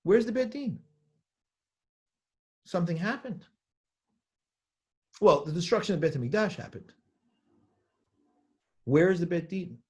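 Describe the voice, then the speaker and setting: Middle-aged male rabbi teaching a class, higher-pitched voice, fast list-reading that gives way to slow emphasis and questions. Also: lively intonation, a little mellow, dull audio. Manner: reads names rapidly, then slows down to stress points and asks the class questions. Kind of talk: lesson reading and explaining a text.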